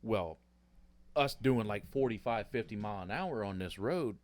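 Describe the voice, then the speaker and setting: Low-voiced man rambling through a story, dry sound. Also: lively intonation, moderate pace, dry recording. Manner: rambling, filler-heavy storytelling. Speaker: podcast co-host. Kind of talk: casual chat.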